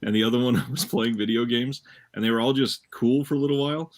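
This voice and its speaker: A married man co-hosting a casual film podcast, telling relaxed stories about home. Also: medium pitch, fast. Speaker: podcast co-host. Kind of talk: casual chat.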